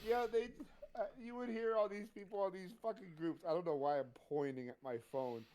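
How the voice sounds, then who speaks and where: A man's voice: high voice, brisk. A man co-hosting a sports podcast, joking and swearing in casual chat. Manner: profane, joking, animated. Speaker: podcast co-host.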